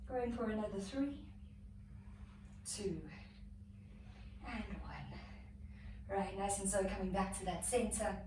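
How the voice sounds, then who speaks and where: A woman's voice: mid-range voice, slow, pauses often. Out of breath woman coaching an ab workout, counting reps, super echoey room with faint background hum. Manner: encouraging, cueing counts and breath. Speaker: yoga instructor. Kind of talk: guided workout instruction. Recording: echoey room, mic far off.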